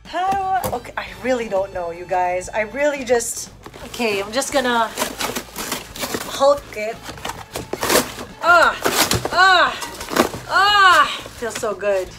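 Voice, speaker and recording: Female vlogger, slightly high voice, giggly and chatty, with clear music playing underneath. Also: animated, moderate pace. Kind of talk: casual unboxing chat.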